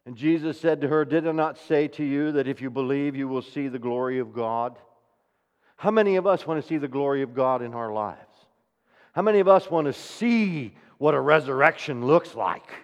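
A man preaching a sermon, asking the congregation rhetorical questions and swinging between hushed, near-whispered passages and loud, ringing declarations. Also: lively intonation, normal speed. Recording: reverberant hall, dull low-fidelity sound.

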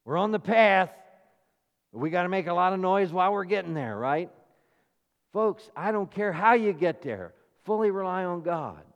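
A man preaching a sermon as pastor, swinging between emphatic, rising passages and quieter asides. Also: sits high, lively intonation, moderate pace, long reverb tail, highs cut off.

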